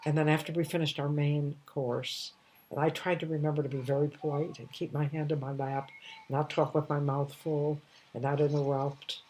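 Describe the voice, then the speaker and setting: A woman in her eighties telling a personal story at home, in a halting way with restarts and soft trailing phrases. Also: low-pitched, flat delivery, slight background noise. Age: 80s. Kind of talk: casual storytelling monologue.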